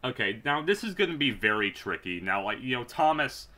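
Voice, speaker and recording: A man's voice: fairly low pitch, very animated, fairly quick, bright, forceful tone. A man reviewing and playing a children's DVD game, talking casually with heavy sarcasm and lots of fillers. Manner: sarcastic, mock-puzzled, many fillers. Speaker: YouTube reviewer. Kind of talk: casual gameplay commentary.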